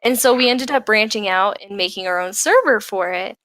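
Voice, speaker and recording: A woman's voice: medium pitch, brisk, a bit bright, dry recording. A woman hosting a casual online radio chat, joking and rambling with frequent giggles. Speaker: radio show host.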